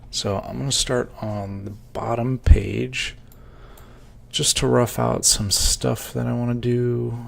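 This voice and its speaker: A man's voice: mid-range voice, little pitch movement, slow pace, creaky, slight background noise. A man thinking aloud as he works out prices at his computer, muttering numbers, with hiccups. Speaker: Minecraft server admin. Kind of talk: casual working commentary. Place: indoors at a computer.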